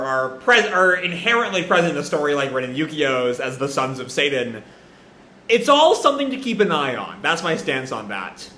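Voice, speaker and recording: A man's voice: fairly high pitch, sharp tone. A man hosting a live manga reaction, thinking aloud with hedges and restarts. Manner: rambling, hedging, self-correcting. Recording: echoey room.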